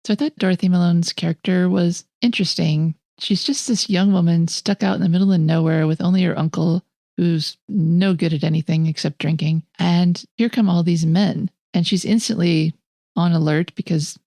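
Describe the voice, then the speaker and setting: A woman's voice: lowish voice, fairly even intonation, normal speed, gravelly, dark tone, no echo, studio quality. A woman co-hosting a film podcast, talking in an enthusiastic, opinionated way and laughing often. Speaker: podcast co-host. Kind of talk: casual film review chat.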